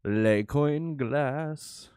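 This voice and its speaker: This man draws out his words in a medium-pitched, slightly mellow, clean voice with no room sound. As a channel host and crypto trader, he casually comments on his trades live and mutters offhand remarks to himself.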